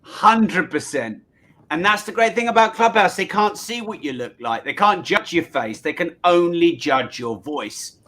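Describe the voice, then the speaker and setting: A man's voice: high voice, lively intonation, unhurried, bright, forceful tone. A man from the UK, a podcast guest, talking about business and self-belief with earnest, repetitive emphasis. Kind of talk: motivational business chat.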